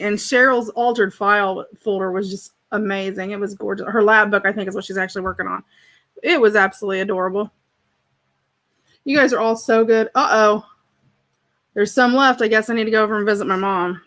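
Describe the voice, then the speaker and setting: On her casual home craft livestream, a woman talks with viewers and reads their comments aloud, friendly and quick to laugh. Her mid-range voice is a bit bright, steady in tone, and fairly quick.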